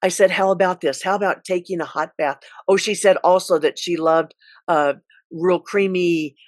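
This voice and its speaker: A middle-aged woman school counselor telling a personal story in an earnest, halting way, with many restarts. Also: lowish voice, steady tone, dry recording.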